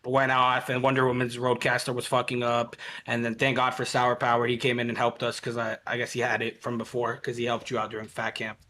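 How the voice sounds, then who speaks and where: A man's voice: medium pitch, completely flat delivery, a little fast, hardly any pauses, pushed and bright, a little hiss or hum. A man co-hosting a live stream, talking in loose, profane, heated chat. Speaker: streamer co-host. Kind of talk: casual group stream chat.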